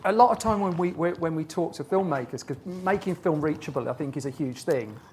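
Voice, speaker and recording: A man's voice: fairly high pitch, fairly quick, darkish tone. Male podcast host, faint hiss. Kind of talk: live onstage interview.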